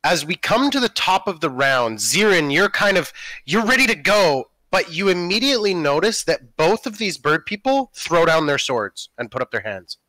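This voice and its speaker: A man's voice: fairly high pitch, sing-song, normal speed, pushed and bright, no room sound, rough recording. A man narrating as game master of a tabletop game, describing scenes with lots of "kind of" fillers.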